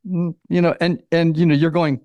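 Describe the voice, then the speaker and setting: A man in his sixties, an author and psychotherapist, talking as a guest in an interview, animated and storytelling, acting out little quotes and using many fillers. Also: fairly high pitch, normal speed, no room sound, muffled recording. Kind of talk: conversational interview.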